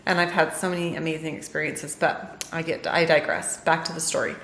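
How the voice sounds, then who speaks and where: Sex: woman. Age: middle-aged. Style: casual vlog storytelling, chatty and rambling. Pitch: slightly low. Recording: roomy, with faint background noise. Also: steady tone, fairly quick, fairly bright tone. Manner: chatty, rambling, with many fillers. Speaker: family vlogger.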